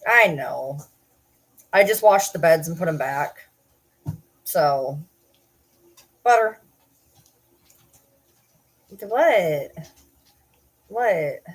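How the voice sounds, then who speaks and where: A woman's voice: sits low, animated, extremely slow, pauses often. A woman chatting casually on a livestream from home, talking playful baby talk to the dogs on her lap and laughing often.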